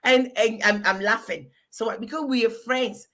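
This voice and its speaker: A Ghanaian woman with a bright, forward voice chats as a guest in a relaxed talk show. She tells her stories with plenty of animation and lively rises in tone. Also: on the high side, normal speed. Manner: animated, storytelling, breaks into laughter. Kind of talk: casual talk show chat.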